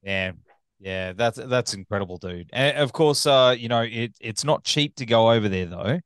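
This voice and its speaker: A man's voice: medium pitch, normal speed, fairly bright tone, clean tone, no room sound, studio quality. A man hosting a podcast interview, joking and loose, swearing casually. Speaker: podcast host.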